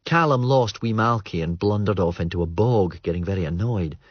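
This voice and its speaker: A man narrating an audiobook in a measured, understated way. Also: low voice, lively intonation, no echo. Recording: muffled dry studio read.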